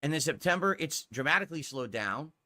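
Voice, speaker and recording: A man's voice: on the high side, animated, brisk, pushed and bright. A male streamer talking to his viewers, rambling and hedging, pleading for support.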